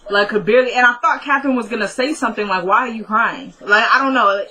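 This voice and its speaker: A woman's voice: fairly high pitch, quick pace, bright, forceful tone, low-quality recording. A woman casually recapping a TV drama episode, chatty and retelling scenes by quoting the characters.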